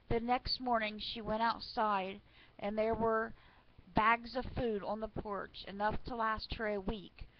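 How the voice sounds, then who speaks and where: A woman's voice: on the high side, flat delivery, a little slow. A woman casually reading funny church stories aloud to her listeners, chatty, with fillers and asides. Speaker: online reader of church stories. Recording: slightly muffled with faint noise.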